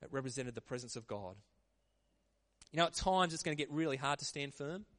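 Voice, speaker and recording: A man preaching a sermon in a lively, conversational way. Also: medium pitch, a little fast. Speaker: pastor.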